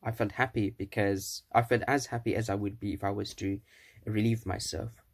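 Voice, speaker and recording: A witty, calm male minister from an old fable, explaining himself in a patient, reasoning way, as a man telling the story puts him on. The voice sounds like a plain everyday man. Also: on the low side, moderate pace.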